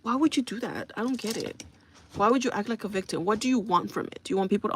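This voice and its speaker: A woman's voice: mid-range voice, animated, quick pace, slightly rough. A woman live streaming, telling a long exasperated story to her viewers and checking in with them as she vents. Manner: exasperated, venting with repeated asides to the audience. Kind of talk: casual storytelling rant to viewers.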